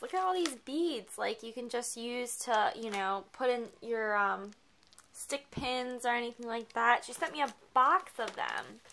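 A woman craft vlogger chatting casually as she unboxes a gift package, gushing and excitable, often gasping with delight. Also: fairly high pitch, gravelly, slight background noise.

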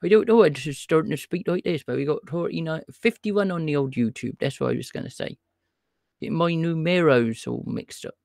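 A man's voice: a little high, brisk, creaky, darkish tone, no echo, studio quality. A man hosting a livestream, chatting casually and greeting his viewers by name. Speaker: livestream host calling scammers.

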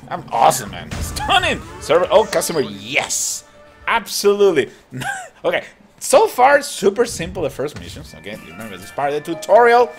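A man hosting a gaming channel, chatting excitedly and laughing as he comments on a mobile cooking game. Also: a little high, moderate pace. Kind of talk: casual gameplay commentary. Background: game music.

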